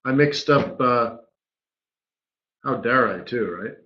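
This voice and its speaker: A man's voice: mid-range voice, slow pace. A man, a forex market strategist, talking casually through a live trading webinar and tossing in rhetorical "right?" questions. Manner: chatty, keeps asking rhetorical "right?". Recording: dull lo-fi webinar audio.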